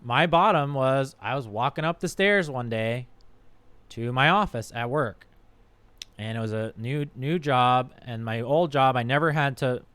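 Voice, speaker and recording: A man's voice: mid-range voice, a bit bright, clear, resonant tone, no echo. A man who is a doctor, talking frankly and casually on a livestream, with a bit of swearing. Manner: frank, profane, conversational. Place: home streaming setup.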